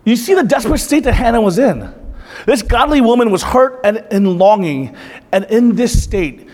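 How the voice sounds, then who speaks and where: A man's voice: high-pitched, lively intonation, normal speed, darkish tone. A male pastor preaching a sermon in a church, earnest and direct, often putting questions to the congregation. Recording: reverberant church hall.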